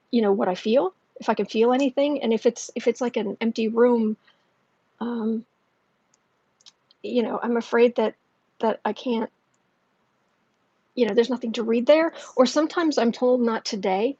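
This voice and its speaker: A woman who hosts a tarot channel chats casually on a livestream, using many fillers and restarts. She speaks softly and gently in a somewhat high, husky voice, sometimes dropping to a near whisper. The recording is dry and muffled.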